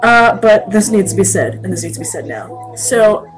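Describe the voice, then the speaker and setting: A woman's voice: mid-range voice, animated, moderate pace, crowd noise, poor audio. Rambling woman ranting to camera. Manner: rambling, hesitant, many ums and restarts. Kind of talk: casual vlog rant to camera.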